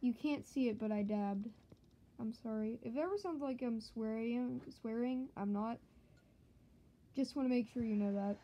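A fairly high-voiced woman streams a fighting game, chattering and joking straight to her viewers. She gets excitable, shouting at enemies between casual asides, with a faint noise under her voice. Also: normal speed, low-quality recording. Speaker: gaming channel host. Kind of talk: let's-play commentary.

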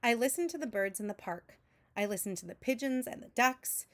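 A woman teacher reading a picture book aloud to children in a slow, clear storytelling manner, making sound effects with her voice between lines. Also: fairly high pitch, lively intonation. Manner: adds vocal sound effects between narration.

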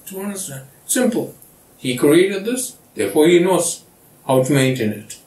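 A man's voice: on the high side, lively intonation, normal speed, a little mellow. A man, the pastor, teaching a Bible study and often checking that his listeners understand. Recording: echoey room from far off.

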